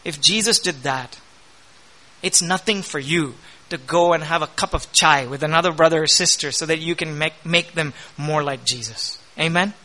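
Male pastor, middle-aged, high voice, bright tone, energetic preaching. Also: normal speed. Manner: energetic preaching with rising emphasis and quoted scripture. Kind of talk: sermon.

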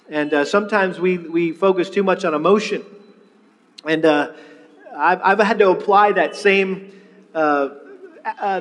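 A man's voice: sits high, a bit bright, long reverb tail. A man preaching as a pastor, conversational and storytelling, often repeating words as he restarts. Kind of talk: sermon-style teaching on marriage.

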